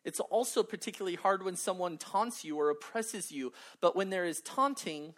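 A woman preaching a sermon, earnest and emphatic, with humorous asides. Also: mid-range voice.

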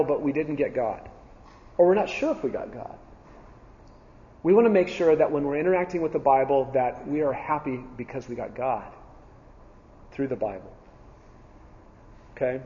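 A man's voice: on the high side, moderate pace, long pauses, warm tone. A man teaching a Bible class in a church setting, earnest, repeating key phrases with frequent ums and restarts. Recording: dull sound with long reverb in a hall.

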